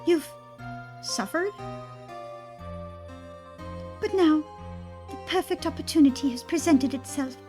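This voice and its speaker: A woman voicing a brooding, vengeful villain, reading game lines aloud slowly and dramatically. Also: sits high, warm tone, faint music behind.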